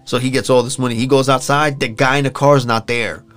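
A man's voice: medium pitch, fairly even intonation, fairly quick, fairly bright tone, soft background music. A young man casually retelling a TV episode to friends, swearing freely and filling his talk with "like" and restarts. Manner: loose, profane storytelling full of fillers. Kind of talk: casual chat.

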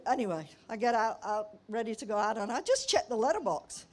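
An older woman pastor preaching a sermon, telling everyday stories with humour and emphatic pauses. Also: on the high side, expressive.

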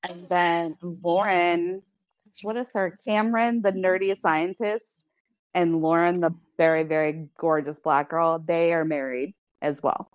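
A woman co-hosting a podcast, chatting casually and tossing in dry, matter-of-fact comments. Her voice sits a little low, recorded close and dry. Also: steady tone, a little slow, no room sound, muffled recording. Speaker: podcast co-host. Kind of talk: casual chat.

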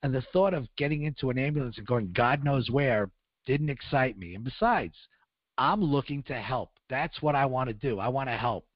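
A man's voice: mid-range voice, expressive, moderate pace, no room sound, highs cut off. A man speaking on the radio, telling his story in the first person and voicing the people in it. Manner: earnest, acts out dialogue in raised voices. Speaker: guest recounting survival.

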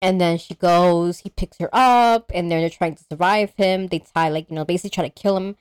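Animated woman retelling a movie. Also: lowish voice, brisk, clean tone, no echo. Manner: animated storyteller, acts out characters, swears freely. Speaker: podcast co-host. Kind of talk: casual movie recap chat.

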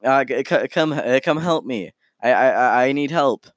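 A man's voice: mid-range voice, takes it slowly, smooth, dry recording, close to an everyday voice. A man voicing a nervous townsman who stammers and rambles while begging for help. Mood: panicked. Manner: stammering, panicky.

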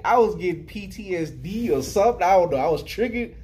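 A man's voice: high voice, animated, fast talker, a little mellow. A man co-hosting a podcast in casual chat, joking and swearing freely as he talks. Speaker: podcast co-host.

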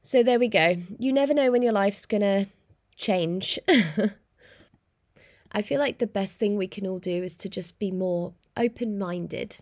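A young woman hosting a solo podcast, chatting in an animated way and laughing often, talking from a small room. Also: mid-range voice, measured pace, dry recording, studio quality. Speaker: podcast host. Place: small room in hospital accommodation.

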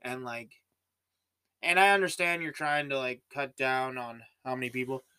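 A man's voice: medium pitch, normal speed, pushed and bright, smooth. A young Canadian man with a Canadian accent, hosting a solo podcast in a casual, rambling way with many fillers and restarts. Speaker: podcast host.

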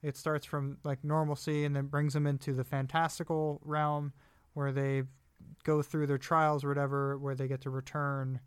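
A man's voice: on the high side, little pitch movement, normal speed, clean tone, dry recording. A man chatting casually as a podcast guest, laid-back, with loose phrasing. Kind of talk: casual chat.

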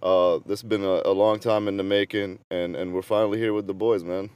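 A man's voice: deep voice, flat delivery, a little fast, a little mellow, clear, resonant tone, no room sound. A man from the United States, a guest on a casual football podcast, talking in a laid-back, friendly way and often restarting his words. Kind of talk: casual sports podcast chat.

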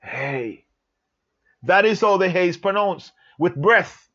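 Man, high-pitched, Bible lesson, emphatic repetition, muffled lo-fi recording. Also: a bit bright. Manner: slow, emphatic, repeats phrases for stress. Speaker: Bible teacher. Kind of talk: Bible letter study lesson.

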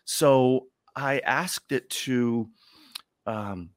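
A man guest who does stand-up comedy, chatting casually in a rambling, animated way. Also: medium pitch, extremely slow, no room sound, clean studio sound. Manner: rambling, animated storyteller, laughs often. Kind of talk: casual chat.

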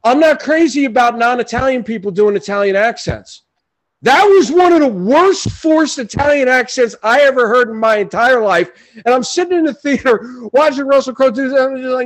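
A man's voice: extremely high pitch, moderate pace, no room sound. A man co-hosting a sports and pop-culture podcast, ranting emphatically and repeating his complaints in casual chat. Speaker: podcast co-host.

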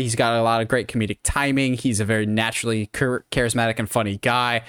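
Sarcastic podcast co-host, mid pitch. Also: clear, resonant tone, dry recording, studio quality. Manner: animated, sarcastic asides and mock quotes. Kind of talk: casual chat about movie casting.

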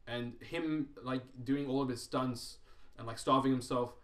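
A man's voice: mid-range voice, fairly even intonation, unhurried, a bit bright. Profane, rambling young man in an echoey room. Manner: loose, profane, rambling with restarts. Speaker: podcast host. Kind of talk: casual podcast chat.

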